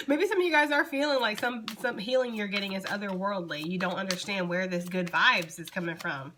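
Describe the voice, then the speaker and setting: A woman's voice: mid-range voice, brisk, few pauses, noisy background. A young woman giving a casual, chatty tarot reading and talking straight to her viewers. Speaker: tarot reader.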